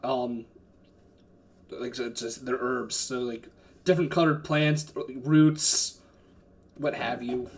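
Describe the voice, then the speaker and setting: A man's voice: mid-range voice, flat delivery, takes it slowly, long pauses. A man running a tabletop game as game master, narrating casually with lots of fillers and swearing. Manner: rambling, filler-heavy, casual cursing.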